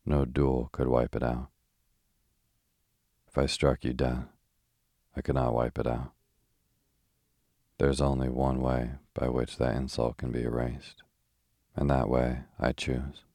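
A man's voice: a bass voice, flat delivery, slow, pauses often, dark tone, no room sound, clean studio sound, heavily acted. A man reading the lines of a fervent, defiant male anarchist poet in a sleep audiobook. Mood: grim. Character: intense fiery-haired male anarchist poet.

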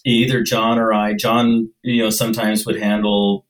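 Male guest, measured and hesitant, low voice. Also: flat delivery, rough recording. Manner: measured, with frequent "um" and "kinda". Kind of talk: casual interview.

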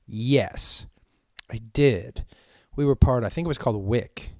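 A man's voice: mid-range voice, unhurried, darkish tone, no echo, clean studio sound. A man hosting a podcast, chatting casually through listener questions, drawing out his vowels and rambling with many restarts. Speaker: podcast host; stand-up comedian.

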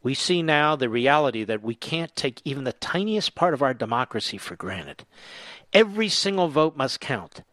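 A man's voice: mid-range voice, big pitch swings, moderate pace, no echo. A man hosting a political commentary show, reading quotes aloud and answering them with sarcastic, indignant remarks. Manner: sarcastic, indignant, rising to angry shouting. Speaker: talk radio host.

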